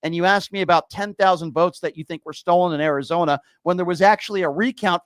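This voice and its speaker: A man's voice: sits high, quick pace, hardly any pauses, clean tone, dry recording. A man hosting a call-in political talk show, combative and sarcastic, insulting his callers.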